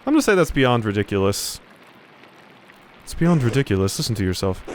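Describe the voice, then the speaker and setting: A young man playing a game, reading its dialogue aloud and adding sarcastic commentary with sudden loud outbursts. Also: on the low side, very animated, a little fast, slight background noise. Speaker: let's play commentator.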